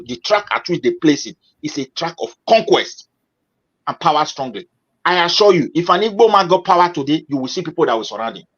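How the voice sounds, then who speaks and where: A man calling into a live debate, making a deliberate, speech-like case. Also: fairly high pitch, fairly bright tone, breathy edge. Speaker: caller. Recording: dull lo-fi call audio.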